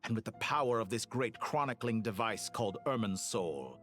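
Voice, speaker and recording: An actor playing a cruel, calculating male villain in a video game, talking in a cold, condescending, smoothly menacing way. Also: on the low side, animated, normal speed, a bit bright.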